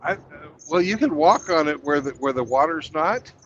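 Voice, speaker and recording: A trucker talks in a dry, wry way and swears through his stories. His pitch moves a lot, and the sound is dull and muffled. There is a little noise behind him. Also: expressive, normal speed, fairly bright tone. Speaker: truck driver. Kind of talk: casual chat.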